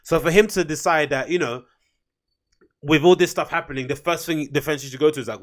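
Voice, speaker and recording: A man's voice: a little high, fairly quick. A man hosting his own podcast, ranting in a blunt, profane, rambling way, often getting heated. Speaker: podcast host. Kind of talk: casual solo rant.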